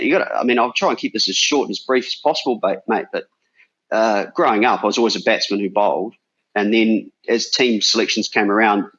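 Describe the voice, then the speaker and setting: A fortysomething ex-cricketer from New Zealand guests on a podcast, his lowish voice fairly bright in tone. The talk is chatty and full of banter and restarts, recorded with a dull, lo-fi quality.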